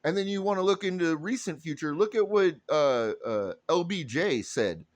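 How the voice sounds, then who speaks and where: A political commentator rants straight to camera, heated and profane, addressing his audience directly. His voice is fairly high with lively intonation at a moderate pace, recorded with no room sound.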